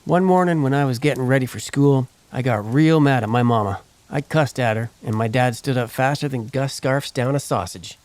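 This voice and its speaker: A man's voice: mid-range voice, moderate pace, hardly any pauses, a little mellow, no room sound, voice pushed up, close to an everyday voice. A man voicing a boastful cowboy yarn-spinner. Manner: boastful, relishing tall tale. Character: rowdy storytelling young cowboy outlaw, a man. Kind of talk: audiobook character voice.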